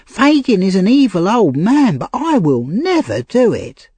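A man's voice: very animated, a little mellow, breathy edge, dry recording, exaggerated voice. Frightened young woman, voiced by a male narrator. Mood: fearful pleading. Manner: high, slow and pleading. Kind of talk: audiobook character reading.

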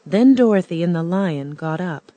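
A woman narrating a storybook in a plain, measured reading voice. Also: on the low side, lively intonation, mellow, no echo.

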